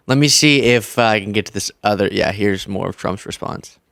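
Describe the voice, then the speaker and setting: Sarcastic man with a smooth dry voice. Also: on the low side, a little fast, fairly bright tone, dry recording. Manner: sarcastic, mock outrage. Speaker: political commentary host. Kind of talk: political commentary.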